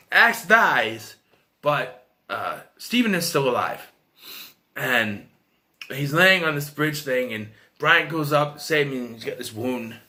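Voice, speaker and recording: A movie reviewer with a medium-pitched, bright, forceful voice gives a casual, rambling film review. He retells scenes and quotes characters, often restarting and using fillers.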